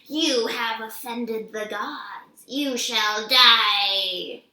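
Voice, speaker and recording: A monstrous female Fury, put on by a woman reading aloud speaks in a slow, hissing Southern drawl. Each threat is stretched out and cold. The room around her rings with echo. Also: a little high, bright, forceful tone, recorded from a distance, heavily acted. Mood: menacing. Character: menacing female Fury monster, a winged hag.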